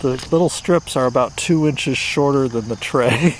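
A man's voice: medium pitch, moderate pace, a little hiss or hum, rough recording. A man co-hosting a casual podcast chat, joking in a dry, wry way. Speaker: podcast co-host. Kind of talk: casual conversation.

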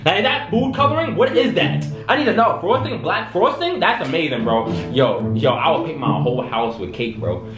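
A man casually reacting to videos for his viewers, excitable and slangy, often drawn-out in his amazement. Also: fairly high pitch. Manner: excitable, slangy, talks to viewers, lots of "bro" and "wow". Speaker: YouTube reaction host. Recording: echoey room with music behind.

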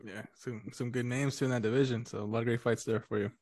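A man's voice: medium pitch, steady tone, fast talker, darkish tone, dry recording, studio quality. A man co-hosting a casual interview, easygoing and agreeable as he asks questions. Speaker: co-host.

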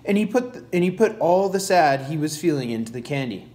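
A man reading aloud, voicing an outspoken, eager young girl with a lively delivery. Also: fairly high pitch, fairly quick, natural voice. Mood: earnest. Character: spirited ten-year-old girl, outspoken.

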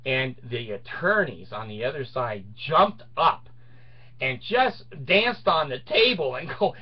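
A man's voice: fairly high pitch, expressive, unhurried, slightly rough, muffled recording. A middle-aged man casually telling a personal story, boastful and crude, often laughing as he talks.

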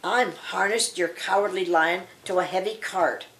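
A woman's voice: normal speed, fairly bright tone, lightly acted. A woman voicing a cruel, gloating wicked witch in a storybook reading. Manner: taunting, then shrill wailing as she melts.

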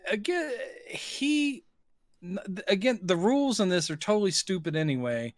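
A man's voice: sits high, big pitch swings, moderate pace, no room sound. Man, podcast co-host, casual movie chat, wry teasing manner, dry close sound. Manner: wry, teasing, quotes characters.

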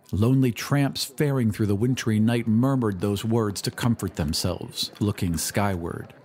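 Guy reading an old story aloud, lowish voice, slow and dramatic, bit of music under it. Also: darkish tone, breathy edge. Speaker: audiobook narrator. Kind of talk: scripted narration. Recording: faint music bed under narration.

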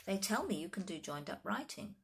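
A woman's voice: mid-range voice, sing-song, fairly quick, gravelly, fairly bright tone, slight background noise. A woman voicing a kindly male headmaster who grows flustered. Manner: kindly, then shaky.

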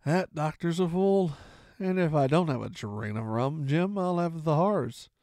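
A man voicing a sick, drunken old male sea captain who talks slowly in a gruff sailor's drawl for a storybook reading. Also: fairly high pitch, animated, a little mellow, dry recording, studio quality. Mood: pleading. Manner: slow, gruff sailor talk with heavy drawl. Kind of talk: audiobook reading.

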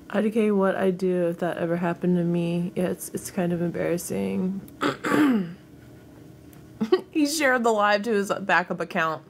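A young American woman livestreaming, her voice sitting a little low as she drawls through viewer comments at an unhurried pace. She teases and talks back to her chat with frequent laughs, and a faint hiss of noise sits behind her. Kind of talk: casual live-stream chat reading comments.

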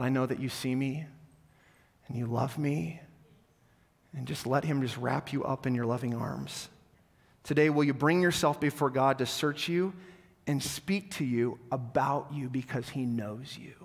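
A man's voice: mid-range voice, gravelly, breathy edge. Man preaching in an echoing church. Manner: animated storytelling, swings between loud and hushed. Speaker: pastor. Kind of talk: sermon. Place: church sanctuary. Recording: long church reverb.

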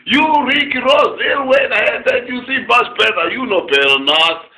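Man, comic DJ, bright tense gravelly voice, shouting profane ramble. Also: extremely high pitch, sing-song, normal speed, roomy sound, poor audio. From South Africa. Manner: loud, shouting, cursing, rambling.

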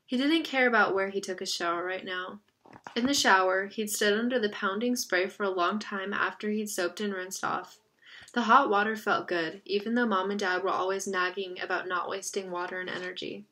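A woman reading a novel aloud as narrator. Her tone is bright and crisp. The delivery is steady and expressive. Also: medium pitch, moderate pace. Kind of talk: audiobook reading.

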